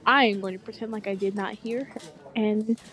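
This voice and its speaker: A woman's voice: mid-range voice, fairly even intonation, brisk, fairly bright tone. A woman playing a tabletop game, answering with dry, wry remarks and pushing back on the others. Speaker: player. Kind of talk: casual tabletop play.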